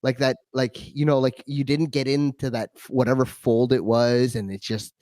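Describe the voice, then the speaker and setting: A man's voice: mid-range voice, moderate pace, dry recording. A man co-hosting a podcast, telling stories in casual, crude banter, swearing often and acting out what he said. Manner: profane, animated storyteller, acts out quotes. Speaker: podcast co-host.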